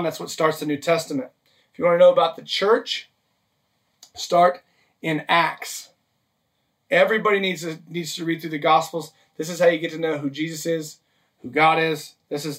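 A man's voice: fairly high pitch, a bit bright, distant mic. A man preaching a sermon, a pastor teaching step by step and checking in with "okay?" and "right?". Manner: practical, list-driven teaching with frequent "okay?" and "right?" check-ins.

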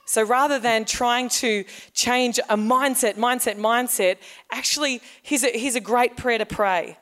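A woman's voice: on the high side, measured pace, a bit bright. A woman pastor, giving a sermon in a conversational storytelling manner. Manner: conversational storytelling, acts out quoted voices.

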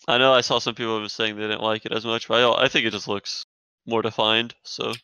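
Man, gravelly bright voice, casual co-host, laughs a lot, relaxed. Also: fairly low pitch, brisk, no room sound, lo-fi sound. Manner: laid-back, laughs often, says dude a lot. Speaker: podcast co-host. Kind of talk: casual gaming podcast chat.

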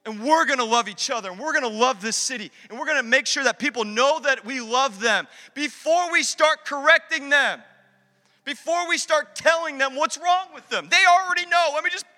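Man, pastor, sermon, high voice, conversational, reverberant hall. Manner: energetic, conversational preaching with acted asides.

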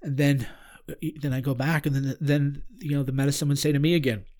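A man on a podcast, telling a personal story in an earnest, searching way, often halting and restarting his sentences. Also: mid-range voice, little pitch movement, a little mellow. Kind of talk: casual spoken storytelling.

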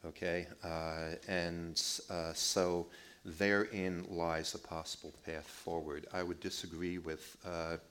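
Deep-voiced American man debating. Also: level tone, slow, hardly any pauses, fairly bright tone, clear, resonant tone. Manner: hesitant, many fillers, frank. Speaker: panelist, professor. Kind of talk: panel debate.

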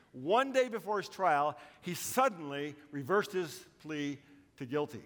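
A middle-aged man preaching a sermon as a pastor, telling stories with swings between hushed and emphatic delivery. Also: high-pitched. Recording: long reverb of a large hall.

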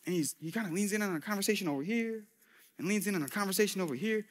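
A man's voice: sits high, very fast, in a large hall. A man preaching a casual, story-driven sermon with slang and jokey asides in a church.

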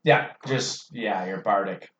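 Man running a tabletop game, slow and unhurried, echoey room, muffled sound. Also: fairly low pitch, fairly bright tone, a little hiss or hum. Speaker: game master.

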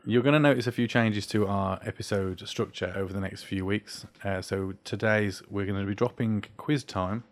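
A man's voice: fairly low pitch, moderate pace, few pauses. Upbeat middle-aged man hosting. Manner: upbeat, jokey, directs the conversation. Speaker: podcast host. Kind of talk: casual chat, leading the show.

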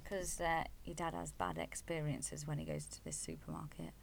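A woman chatting casually as a podcast co-host, her voice sitting low with a gravelly rasp. She talks in a chatty, teasing way. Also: sing-song, moderate pace, slight background noise. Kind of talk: casual chat. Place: home in Wales.

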